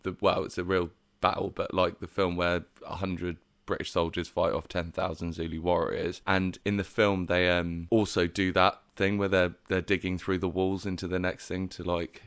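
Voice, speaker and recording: Deep-voiced man chatting about a film. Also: level tone, normal speed, hardly any pauses, fairly bright tone, clear, resonant tone, no echo, clean studio sound. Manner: enthusiastic, swears freely, laughs often. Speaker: podcast co-host. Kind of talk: casual film review chat.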